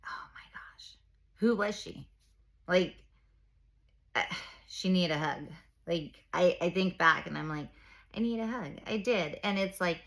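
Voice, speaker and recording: A woman in her forties with a lowish voice speaks candidly about her own past, a coach for other moms. She talks in an open, emphatic way, full of fillers, and acts out the voices of the people in her stories. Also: gravelly, fairly bright tone. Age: 40s. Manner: open, emphatic storyteller, many fillers, acts out quoted speech. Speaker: mom coaching women through reinvention. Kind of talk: candid personal talk.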